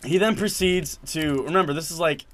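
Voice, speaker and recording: A young man telling a story in casual chat, acting out the quotes loudly and animatedly. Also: a little high, moderate pace.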